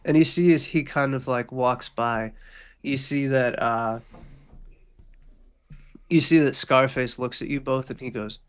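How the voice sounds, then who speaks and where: A man's voice: mid-range voice, fairly even intonation, measured pace, long pauses, fairly bright tone, smooth. A male dungeon master narrates a tabletop game. He speaks loosely, with many fillers and restarts.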